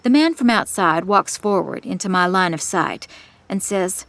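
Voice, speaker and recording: A woman's voice: medium pitch, expressive, moderate pace, a bit bright, dry recording. A woman narrating in the first person with tense, suspenseful delivery, on a close studio mic. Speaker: audiobook narrator.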